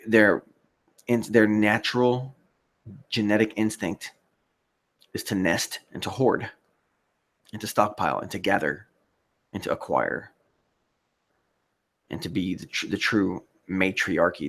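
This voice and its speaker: A man's voice: lowish voice, a bit bright. A man hosting a livestream, giving rambling, profane commentary and reading out chat comments. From United States. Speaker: livestream host.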